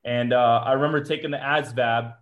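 A man from Georgia talks quickly and casually as an interview guest, recounting his time as a Marine. He acts out what people said and scatters "like" and "uh" through his speech. His pitch is average for a man. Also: fairly even intonation, muffled recording. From Georgia, USA. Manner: chatty, acts out quotes, frequent "like" and "uh" fillers.

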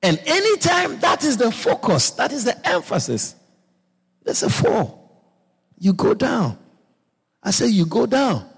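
A man preaching a sermon as a pastor. He talks in a playful, animated way and often repeats words and adds asides. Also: very high-pitched, unhurried, gravelly, pauses often, slightly rough, in a large hall.

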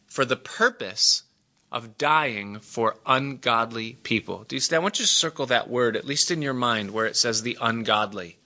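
A male preacher with a very bright, forceful tone delivers a relaxed, conversational sermon. He explains scripture point by point, tells stories and jokes, and chuckles often along the way. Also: medium pitch.

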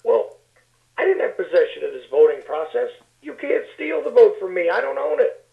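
A high-pitched, gravelly male voice comes through a tinny phone line with a roomy echo. He talks as a guest in casual political chat, sardonic and wry, stumbling over and repeating words as he works through his point. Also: big pitch swings, moderate pace. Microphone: phone call.

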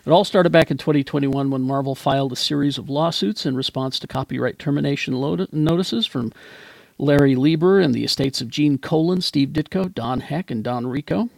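A man with a gravelly, slightly raised voice hosts a loose pop-culture chat. He rambles with lots of fillers. The sound is close and dry. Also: on the high side, a little fast, darkish tone, no echo. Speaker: podcast host. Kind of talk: casual chat.

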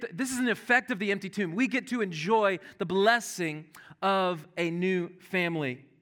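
A man preaching a sermon, animated and earnest, dropping to soft hushed tones when quoting scripture. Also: high voice. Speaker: pastor.

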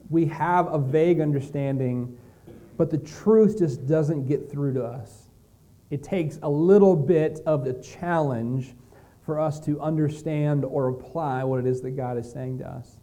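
A male pastor preaching in a conversational, storytelling way, slowing down to stress key words. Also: on the high side, warm tone. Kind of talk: sermon.

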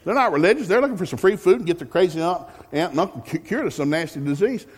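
A male pastor preaching a folksy, joking sermon with animated storytelling. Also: high-pitched, fast talker, breathy edge. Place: church sanctuary. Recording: long reverb of a large hall.

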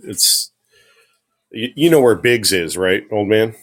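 A man chatting casually as a podcast guest, describing a fishing spot in a relaxed, matter-of-fact way. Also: lowish voice, takes it slowly. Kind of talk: casual chat.

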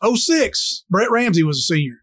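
A football coach telling rambling, self-mocking anecdotes in casual chat. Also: male voice, high voice, very animated, a little fast, a bit bright, no room sound, studio quality.

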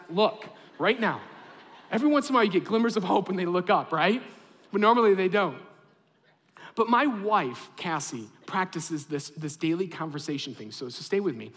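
High-voiced man preaching in an echoey hall. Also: husky. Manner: animated, conversational with asides to the congregation. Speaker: pastor. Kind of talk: sermon.

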